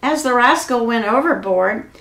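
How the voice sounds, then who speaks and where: Expressive woman reading a storybook. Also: a little high, roomy sound, a little hiss or hum. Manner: expressive and unhurried. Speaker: storyteller for children. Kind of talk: storybook read-aloud.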